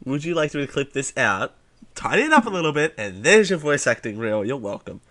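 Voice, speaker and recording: Bright man with wry teasing asides. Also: mid-range voice, sing-song, brisk, no echo. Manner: dry, teasing commentary. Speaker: podcast co-host. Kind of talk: casual comedy podcast banter.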